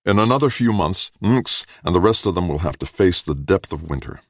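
A man's voice: deep voice, lively intonation, fairly quick, no room sound, clean studio sound, voice pushed up. A man reading aloud voices a weary, troubled man in an audiobook, speaking in earnest.

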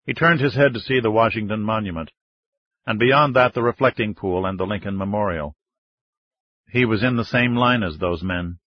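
A man narrating a thriller audiobook in a measured, steady storytelling manner. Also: fairly low pitch, no room sound. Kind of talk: scripted narration. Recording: slightly dull lo-fi recording.

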